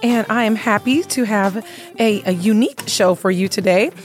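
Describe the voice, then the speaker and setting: A woman's voice: mid-range voice, moderate pace, faint music behind. A woman hosting a casual radio talk show, upbeat and chatty, laughing often, her voice a little worn. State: slightly lost voice.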